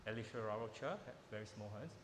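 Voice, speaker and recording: Speaking quickly in a lowish voice, this Malaysian piano teacher leads a workshop masterclass with casual, repetitive, plainly phrased coaching. The large hall with a piano gives a roomy echo, piano can be heard playing, and there's a little hiss or hum.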